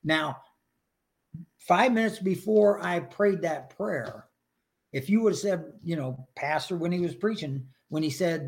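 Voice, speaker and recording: A man's voice: on the high side, expressive, unhurried. An older man sharing his personal faith story in a podcast interview, earnest and emotional, acting out his prayers.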